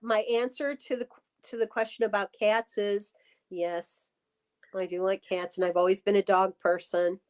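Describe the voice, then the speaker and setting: Animated woman telling a ghost story. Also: mid-range voice, normal speed. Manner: animated storyteller, many restarts. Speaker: guest. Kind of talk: casual live-stream chat.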